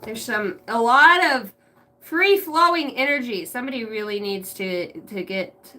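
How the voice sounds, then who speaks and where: A woman's voice: on the high side, expressive, a little slow, pushed and bright. A woman doing a casual tarot reading, swearing freely and breaking into laughter often. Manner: giggly, crude, keeps breaking into laughter. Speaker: tarot reader.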